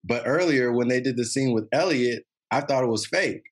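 A man's voice: medium pitch, moderate pace, slightly rough. A man co-hosting a podcast, chatting casually and rambling with many fillers about a TV show. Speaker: podcast co-host.

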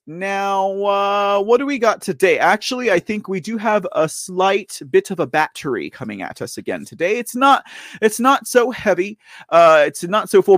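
A man's voice: on the high side, no room sound, studio quality. Guy hosting a commentary show, bouncy voice all over the place, goofs around and corrects himself a lot. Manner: playful, rambling, self-correcting, keeps saying ladies and gentlemen. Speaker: host of a political commentary show. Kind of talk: casual live commentary.

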